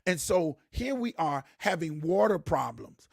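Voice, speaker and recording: A man with a high, husky voice talks straight to his viewers, animated and preachy. He repeats key words and raises his voice to drive a point home. The sound is dry and close. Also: measured pace, no room sound. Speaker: host. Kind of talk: casual live-stream talk to viewers.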